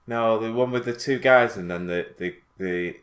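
A man's voice: lowish voice, normal speed. A man in casual chat, reacting with short amazed replies.

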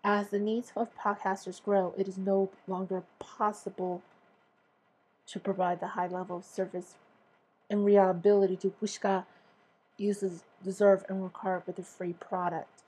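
Husky woman ranting profanely on a podcast. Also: mid-range voice, little pitch movement, moderate pace, darkish tone, rough recording. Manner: profane, exasperated, sarcastic ranting. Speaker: podcast host. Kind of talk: casual ranting monologue.

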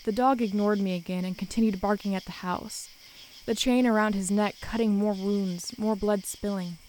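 Woman narrator, mid-pitched voice, steady and measured, for a first-person horror tale. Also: a little hiss or hum, rough recording.

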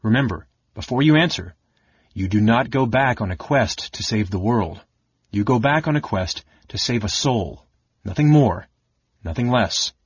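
A man voicing a stern old archmage who speaks in a measured, solemn way. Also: mid-range voice, lively intonation, breathy edge, dry recording, lo-fi sound.

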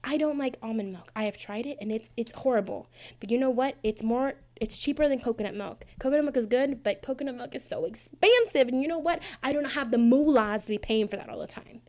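A woman's voice: a little high, brisk, few pauses, darkish tone. A woman in her twenties hosting her own podcast, talking in a rambling, self-mocking way with lots of fillers. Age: 20s. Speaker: podcast host. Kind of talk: casual prayer podcast chat.

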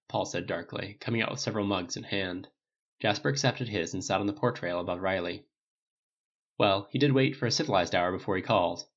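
Low-voiced male audiobook narrator, lo-fi. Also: brisk, breathy edge. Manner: reads all characters with small pitch lifts in dialogue. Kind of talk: scripted narration.

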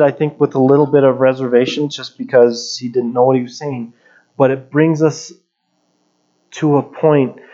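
A man's voice: mid-range voice, dark tone, highs cut off. A middle-aged male pastor giving a sermon in a conversational, plainspoken way.

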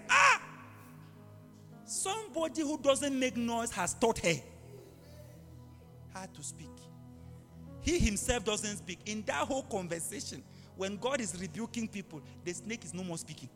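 A man's voice: high-pitched, big pitch swings, unhurried, pauses often, pushed and bright, big-room sound, soft background music. A male pastor preaching a live sermon, telling stories with acted-out voices and animal sounds.

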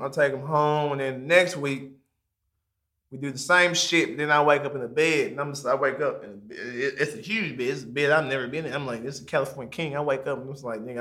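Bright-voiced young man telling a story. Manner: animated, jumps into high squeaky voices when quoting himself; swears freely, drops to a mumble on asides. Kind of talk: casual storytelling among friends.

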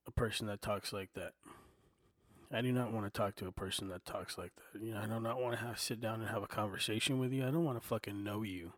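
A man with a fairly low voice rants into a desk microphone, swearing freely and dropping "you know" into nearly every sentence. He sounds heated but loose, like an unscripted solo podcast. The sound is close and dry, with no room echo. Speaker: podcast host. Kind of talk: casual solo podcast rant. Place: home desk. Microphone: desktop microphone and recorder.

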